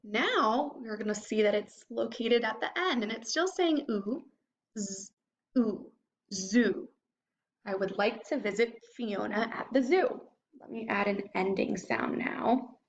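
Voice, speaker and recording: A young woman teaching a phonics lesson to young children, sounding out word parts slowly and clearly. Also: on the high side, muffled recording. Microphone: computer microphone.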